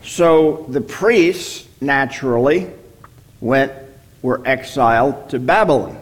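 Slow, deliberate male Bible teacher. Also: medium pitch. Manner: slow, deliberate, checks in with "okay?".

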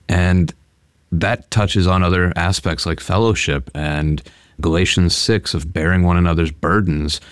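A man's voice: sits low, no room sound. A man who is a pastor, explaining scripture in an earnest, conversational Bible study discussion. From United States. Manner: earnest, explanatory, restarts phrases often.

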